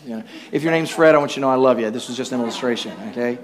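A man's voice: medium pitch, rapid-fire, hardly any pauses. A man preaching a sermon, telling humorous everyday stories, acting out quoted voices, and calling for responses from the congregation. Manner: animated storytelling, acts out quoted voices with humor.

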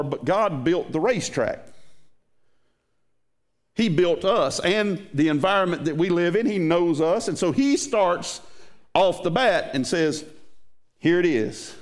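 A man preaching a sermon to his congregation in a folksy, animated way. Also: fairly high pitch. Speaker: pastor.

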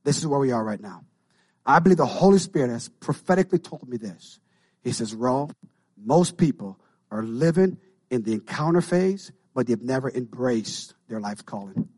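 Husky man in his fifties preaching. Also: medium pitch, expressive, normal speed, a little mellow. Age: 50s. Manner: impassioned, call-and-response preaching. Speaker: pastor. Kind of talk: sermon.

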